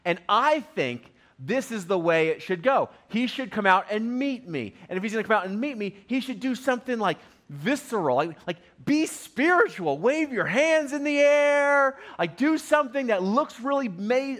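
A man's voice: extremely high pitch, animated, moderate pace, few pauses, fairly bright tone, voice pushed up. A man voicing a proud, offended army commander who rants indignantly in a raised voice. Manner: indignant, self-important ranting.

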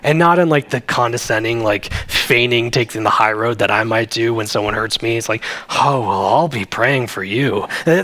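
A man's voice: on the high side, a bit bright. A man, a pastor, preaching a sermon in an earnest, conversational way.

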